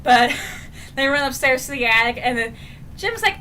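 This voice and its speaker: A woman recapping a book in a casual review, excitable and prone to shouting out the big moments. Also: sits high, moderate pace, a little hiss or hum. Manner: excitable, retells scenes with shouts and sound effects.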